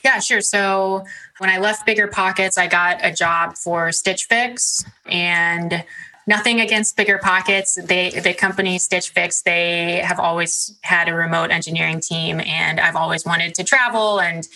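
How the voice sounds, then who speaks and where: A woman's voice: fairly low pitch, fairly even intonation, unhurried, pushed and bright, poor audio. A young woman chatting casually as a podcast guest, with many "like" and "um" fillers. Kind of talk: casual interview chat.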